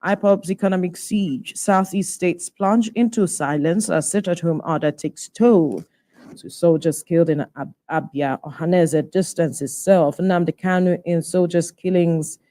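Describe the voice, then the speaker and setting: A presenter runs through the day's front pages. The headlines come briskly, one after another, in a mid-range voice. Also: mid-range voice, warm tone. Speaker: newspaper review presenter. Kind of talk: reading headlines.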